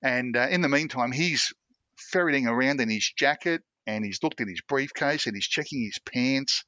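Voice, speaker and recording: A middle-aged former police officer tells rambling anecdotes in a casual interview, often restarting and laughing at himself. His medium-pitched voice is pushed and bright, at a moderate pace. The audio is dull, with no echo.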